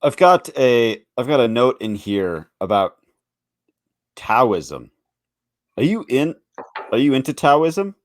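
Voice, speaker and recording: A man's voice: mid-range voice, very animated, takes it slowly, pauses often, no room sound, studio quality. A man hosting an interview, mostly asking questions and adding brief interjections. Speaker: podcast host.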